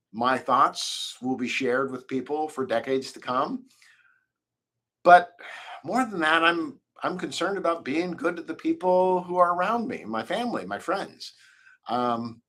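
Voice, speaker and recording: A man's voice: medium pitch, pushed and bright. A man hosting his own podcast, giving reflective, folksy advice in a solo monologue. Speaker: podcast host.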